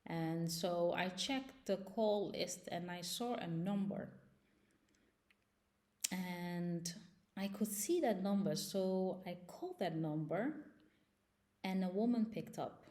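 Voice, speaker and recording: A woman's voice: fairly low pitch, slow, long pauses, darkish tone. A young woman vlogger telling a personal story in a casual, agitated and emotional way.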